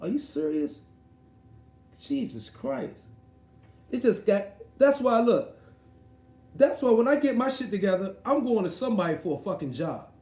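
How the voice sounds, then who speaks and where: A man ranting casually and profanely, rambling in an animated way about a production he disliked. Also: very high-pitched, moderate pace, creaky. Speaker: commentator. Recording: echoey room with faint noise.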